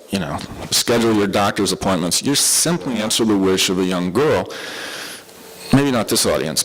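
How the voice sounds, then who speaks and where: A man's voice: on the low side, low-quality recording. A middle-aged man with a Southern American accent giving a live conference lecture, talking in a conversational way with frequent fillers and restarts. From southern United States. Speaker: conference speaker.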